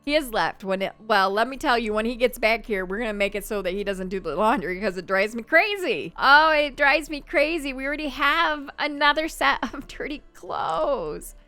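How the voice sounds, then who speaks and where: A woman's voice: fairly high pitch, lively intonation, normal speed, few pauses, sharp tone, dry recording, faint music behind. A woman giving casual let's-play commentary, chatting to the game characters as she plays. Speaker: gameplay commentator.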